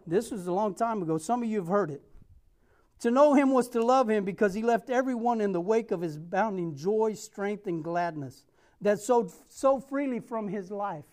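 A man's voice: sits high, animated, moderate pace, darkish tone. A middle-aged man preaching a sermon, earnest and emphatic, repeating key phrases and calling out to the congregation. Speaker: pastor.

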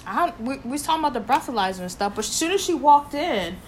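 A young adult woman co-hosting a casual chat, excitable with loud bursts and quick laughs. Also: high voice, slight background noise. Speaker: podcast co-host.

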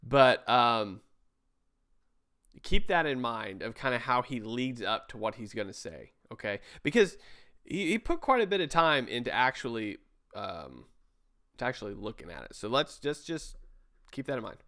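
A man talking through a sermon review in a loose, conversational way. His voice sits at an ordinary pitch, and he stops to restart his sentences and toss in asides as he criticizes what he hears. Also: big pitch swings, moderate pace, sharp tone. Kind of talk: casual commentary over a played sermon.

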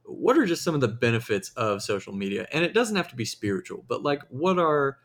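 A man's voice: mid-range voice, sing-song, fairly quick, a bit bright. A young man with a Southern US accent hosting a podcast in casual, jokey, rambling chat. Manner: rambling, jokey, restarts sentences. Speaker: podcast host.

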